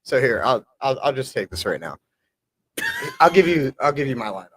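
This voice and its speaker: A young man co-hosting a casual sports podcast, gruff and exasperated, swearing casually. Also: medium pitch, very animated, a little fast. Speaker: podcast co-host.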